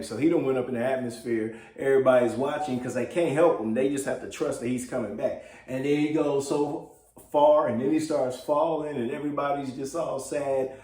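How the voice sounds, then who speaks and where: A man's voice: mid-range voice, normal speed, a little mellow. Chatty man recapping in a roomy echo. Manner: loose and chatty, full of fillers, keeps saying "man". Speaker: TV show recap blogger. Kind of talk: casual episode recap.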